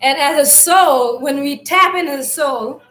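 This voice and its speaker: Loud high-voiced woman, roomy echo. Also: unhurried, soft background music. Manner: loud, loose and rambling, speaks to viewers as family. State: throat irritated, clears it often. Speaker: spiritual teacher hosting a live stream. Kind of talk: casual spiritual talk on a live stream.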